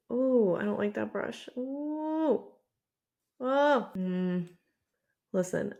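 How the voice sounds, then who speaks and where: A woman beauty vlogger chatting casually to camera while she applies makeup, self-deprecating and talkative. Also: medium pitch. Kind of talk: casual makeup tutorial chat. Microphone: camera mic with mirror some distance off.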